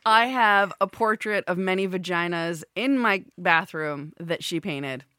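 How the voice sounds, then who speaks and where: A woman's voice: lowish voice, a little slow, bright, forceful tone, slight background noise. A woman co-hosting a radio chat show, playful and joking, with casual swearing.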